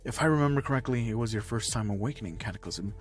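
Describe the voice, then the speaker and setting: A man voicing a calm adult male doctor who asks measured questions. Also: mid-range voice, close to an everyday voice.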